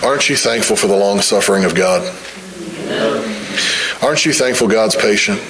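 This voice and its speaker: A man's voice: fairly low pitch, moderate pace, crowd noise. A man preaching a sermon with fervor, driving points home by repeating his phrases. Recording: echoey room.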